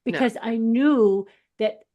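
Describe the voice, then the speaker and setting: A woman co-hosting a casual spiritual chat, telling candid stories with quick laughs and lively retorts. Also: a little high, lo-fi sound. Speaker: podcast co-host.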